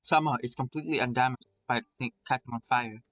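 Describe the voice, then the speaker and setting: A man's voice: mid-range voice, steady tone, quick pace, a bit bright, rough recording. A man reading a visual novel aloud in a dramatic first-person storytelling manner. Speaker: narrator.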